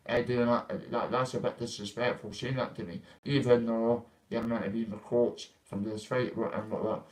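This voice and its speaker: A man's voice: medium pitch, normal speed, low-quality recording. A man from Dundee with a Scottish accent, telling a long story in casual, rambling speech full of swearing and Scots grammar. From Dundee, Scotland. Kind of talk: casual spoken anecdote.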